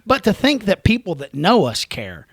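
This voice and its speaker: A man's voice: high voice, huge pitch swings, moderate pace, husky, no echo, studio quality. A man with a rural Southern American accent hosting a podcast, talking in a casual, reflective, rambling way and laughing easily. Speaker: podcast host. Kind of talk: casual conversation.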